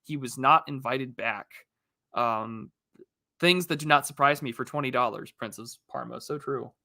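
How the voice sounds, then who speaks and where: Bright-voiced man rambling on a livestream. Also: medium pitch, moderate pace, vocal fry, dry recording, studio quality. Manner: rambling, frequent fillers and restarts, reads chat aloud. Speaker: livestream host. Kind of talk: casual livestream chat.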